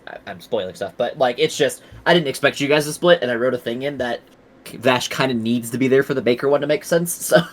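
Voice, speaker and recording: A man's voice: medium pitch, expressive, fast talker. A man running a tabletop game as game master, casually narrating and correcting himself. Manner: casual, laughing, self-correcting.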